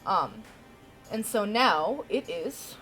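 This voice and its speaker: A woman's voice: mid-range voice, animated, takes it slowly, a bit bright, soft background music. A woman acting as game master for a tabletop role-playing session, chatty and giggly, sometimes losing track and swearing.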